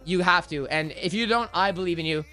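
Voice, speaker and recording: A man's voice: high-pitched, brisk, heavy background noise. A young man hosting a crypto trading livestream, chatty and hyped, talking straight to his chat while sounding tired. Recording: music playing faintly behind.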